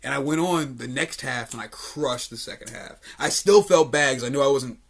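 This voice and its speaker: A man's voice: medium pitch, normal speed, vocal fry. A man in his twenties hosting a podcast, telling a story in laid-back casual chat, swearing freely and laughing often. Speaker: podcast host.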